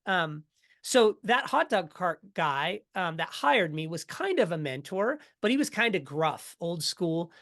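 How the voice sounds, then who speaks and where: A middle-aged man, a podcast guest, telling his story in a casual, energetic way and acting out what others said. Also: high-pitched, unhurried. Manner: energetic, animated storyteller who acts out quotes.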